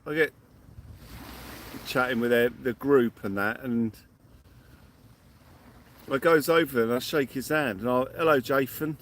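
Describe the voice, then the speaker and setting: A man hosting a casual live stream from a beach at night, giving cheery shout-outs and telling jokey stories. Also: mid-range voice, unhurried, long pauses, slight background noise. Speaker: livestream host.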